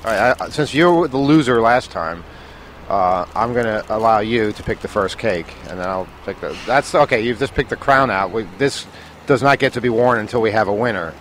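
A co-host on a hotel balcony above a busy street chats casually and jokes, with street traffic audible below. His voice is lowish, a bit bright, animated, and a little fast, and he laughs often.

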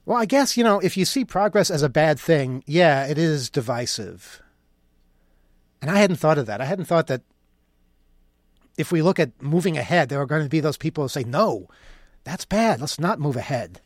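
A man's voice: fairly high pitch, expressive, moderate pace, no room sound, studio quality. A man delivering an opinion monologue in a sarcastic, mocking tone. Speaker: commentator.

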